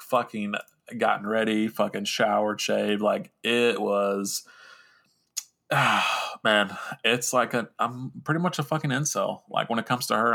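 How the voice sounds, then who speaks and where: A young man rambles through a story on his podcast, swearing freely and mocking himself as he goes. His low voice has a gravelly fry with a bright, forward edge. He talks in a loose, casual way, full of restarts and fillers. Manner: rambling, profane, self-mocking. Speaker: podcast host.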